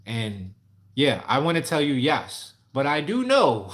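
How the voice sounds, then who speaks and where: A man's voice: mid-range voice, wildly swooping pitch, a little slow, a bit bright. Casting: man streamer, casual and candid, rambling answers to viewers. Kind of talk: casual livestream chat.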